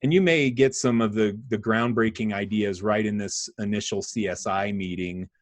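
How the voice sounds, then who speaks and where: A man's voice: lowish voice, fairly even intonation, normal speed. A man from the United States co-hosting a casual business podcast, giving practical, encouraging advice and often chiming in with "yeah". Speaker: podcast host.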